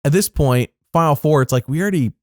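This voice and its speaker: A young adult man co-hosting a podcast, talking through an episode in a chatty, rambling way and jumping up in pitch for emphasis. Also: quick pace, a little mellow, no room sound, clean studio sound. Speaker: podcast co-host. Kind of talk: casual recap chat.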